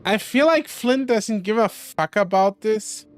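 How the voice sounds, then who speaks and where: A man's voice: sits high, lively intonation, measured pace, clear, resonant tone, faint music behind. A man streaming a visual novel, reading it aloud and reacting with crude joking asides.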